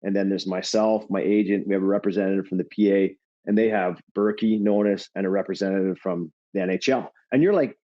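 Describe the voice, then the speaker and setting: A middle-aged man, a former pro athlete, chatting as a podcast guest and telling an animated anecdote, laughing often and swearing now and then. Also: deep voice, fast talker, few pauses. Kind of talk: casual chat, storytelling. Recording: slightly dull lo-fi audio.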